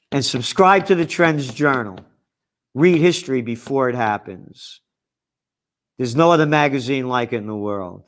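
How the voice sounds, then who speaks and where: A man's voice: mid-range voice, fairly bright tone. An older man with a New York accent, hosting a commentary show with blunt, profane, fiery ranting. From New York (Bronx). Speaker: host. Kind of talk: angry commentary monologue.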